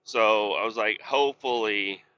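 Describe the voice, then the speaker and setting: A podcast host telling a rambling work story in a casual, profane, exasperated way. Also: male voice, on the low side, measured pace, sharp tone, dull audio.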